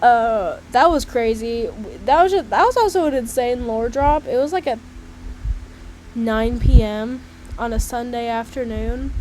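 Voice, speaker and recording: A woman's voice: on the high side, a little mellow, a little hiss or hum, poor audio. A young woman casually telling personal stories, chatty, swearing freely and filling her talk with "like". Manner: chatty, swears freely, heavy use of "like", laughs between lines. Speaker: storyteller. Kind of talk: casual storytelling monologue.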